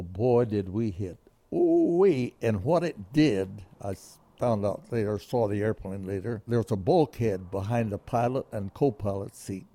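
An older man spins a plain-spoken, folksy yarn from his flying days. His voice is warm and mellow, recorded close and dry with no room sound. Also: lowish voice, dry recording. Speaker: interviewee, former pilot. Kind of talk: storytelling in an interview.

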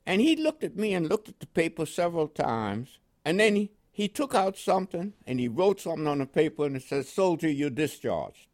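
A man's voice: fairly high pitch, a little fast, few pauses. An older man from Panama with a New York accent touched by West Indian inflections, telling his life story in an oral history interview. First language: French. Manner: lively, animated storyteller who acts out quoted voices.

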